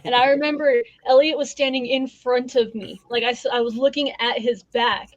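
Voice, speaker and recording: A woman's voice: high voice, steady tone, normal speed, no room sound, lo-fi sound. A woman hosting a podcast, telling a story in casual chat, laughing and swearing often. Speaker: podcast host.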